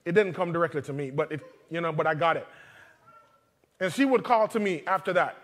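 A man with a fairly high voice preaches in a loose, conversational way. He tells stories from his own life and throws humorous asides to the congregation, then slows to read scripture aloud. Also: fairly bright tone. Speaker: father. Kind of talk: sermon.

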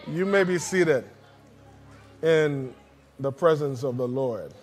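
A pastor preaching in a church, leading the congregation in call-and-response and repeating phrases slowly. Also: male voice, fairly high pitch, some chatter behind. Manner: slow, drawn-out delivery with repetitions. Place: church sanctuary.

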